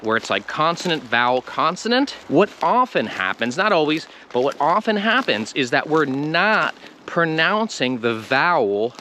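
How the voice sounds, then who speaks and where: American man, english pronunciation lesson, bright voice, very lively pitch, faint hiss behind. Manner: explains slowly and stretches out sample sounds. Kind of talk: online language lesson.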